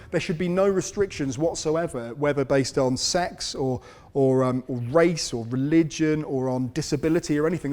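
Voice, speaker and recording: A man giving a conversational conference talk, relaxed and self-deprecating, with dry humour. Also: on the high side. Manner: relaxed, lots of fillers and repeats. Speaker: conference speaker on urban forestry. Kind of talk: conversational lecture.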